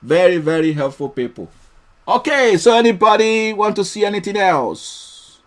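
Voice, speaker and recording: A man's voice: sits high, lively intonation, normal speed. A man hosting a live trading lesson, chatty and playful, laughing often as he reads out viewer comments. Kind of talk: casual live-stream teaching.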